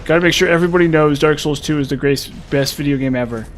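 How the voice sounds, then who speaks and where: A man's voice: fairly high pitch, fast talker, a little hiss or hum. A young man streaming a video game, chatting with viewers in a frustrated, self-mocking way with sudden exasperated outbursts. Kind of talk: live gameplay commentary chatting with viewers.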